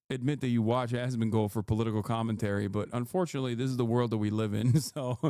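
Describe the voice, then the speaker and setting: A man's voice: mid-range voice, a little mellow, no room sound, studio quality. A man streaming live, reacting to videos with sarcastic, mocking commentary.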